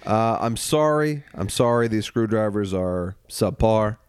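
A man co-hosting a podcast, joking in a deadpan way, heavily drugged and nursing neck pain. He is recorded close in a dry, dead room. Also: fairly low pitch, measured pace, smooth, no echo. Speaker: podcast co-host. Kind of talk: casual chat.

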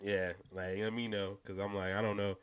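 A man's voice: fairly low pitch, little pitch movement, moderate pace, clean tone. A man in casual podcast chat, rambling and laid-back, full of slang and fillers.

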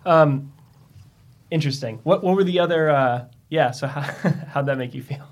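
A man's voice: a little high, moderate pace. A man hosting a casual interview, giving brief reactions and asking hesitant questions.

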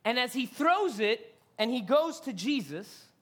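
A preacher delivering a sermon from a stage, telling the story in an animated way, full of rhetorical questions and casual slang. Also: mid-range voice, measured pace.

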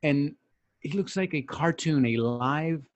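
A middle-aged man co-hosting a podcast chats casually, telling animated stories, putting on voices and swearing offhandedly. His voice is a little high, his pace unhurried, and the sound is lo-fi.

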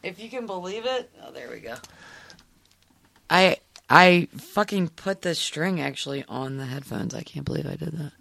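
A man's voice: a little high, animated, moderate pace, vocal fry, sharp tone, no echo. A man co-hosting a podcast in casual chat, teasing and joking. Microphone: headphones and studio microphone.

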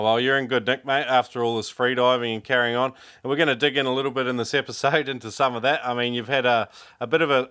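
A man from New Zealand hosting a podcast, talking in a relaxed, chatty way with lots of ums and restarts. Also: mid-range voice, dry recording, studio quality. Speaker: podcast host. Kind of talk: casual interview chat.

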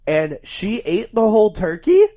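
Man, co-host, casual movie talk, jokey quick asides, laughs often. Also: high voice, very animated, dark tone. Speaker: podcast co-host. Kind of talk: casual movie recap chat.

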